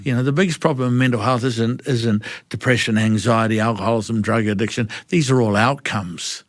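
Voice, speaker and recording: Animated New Zealand man telling stories. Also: medium pitch, a little fast, no room sound, clean studio sound. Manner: animated storyteller acting out dialogue. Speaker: guest. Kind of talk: candid interview storytelling.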